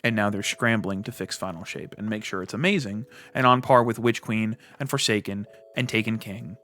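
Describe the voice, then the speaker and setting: A man ranting in a casual gaming commentary, animated and acting out quick bits of dialogue. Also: on the low side. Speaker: gaming YouTuber.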